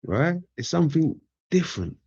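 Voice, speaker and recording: A man's voice: a little high, sing-song, normal speed, gravelly, a little mellow, husky, no room sound. A man talking in a casual, laid-back monologue. He often repeats phrases and keeps asking "right?". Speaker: commentator. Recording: dull lo-fi dry sound.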